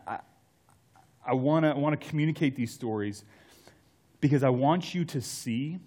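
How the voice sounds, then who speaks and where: A young adult man preaching a sermon in a casual, storytelling way, dropping to soft tones for emphasis. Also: mid-range voice.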